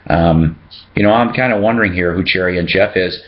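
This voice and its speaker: A man's voice: low-pitched, a little fast. Man, casual collector vlog, reads labels aloud, self-mocking jokes, dull lo-fi audio. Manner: chatty, jokey, reads out record labels. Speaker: record collector host. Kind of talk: casual show-and-tell vlog.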